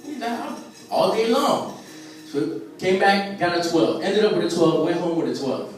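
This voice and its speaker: A stand-up comedian from a Puerto Rican family in the US performs at an open mic on a restaurant stage, his fairly high, brisk voice winding through a loose story packed with fillers and acted-out characters. The room is very echoey, and he sits far from the camera.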